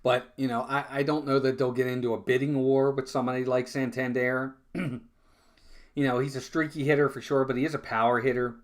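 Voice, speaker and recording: A man's voice: medium pitch, level tone, brisk. A man calling live baseball play-by-play in a casual, chatty way, often repeating words and talking to his viewers. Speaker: fan play-by-play streamer.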